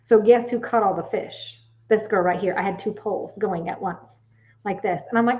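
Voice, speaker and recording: A woman in her late forties, a psychic medium, chatting casually to viewers and telling stories in an animated way, often swearing. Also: medium pitch, quick pace, highs cut off. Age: late 40s.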